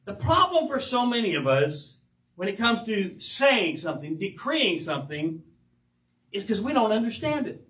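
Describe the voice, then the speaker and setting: Animated high-voiced older male preacher. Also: normal speed. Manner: animated, emphatic preaching with quoted asides. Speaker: pastor. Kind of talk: sermon. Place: church sanctuary. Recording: roomy church sound from a distance.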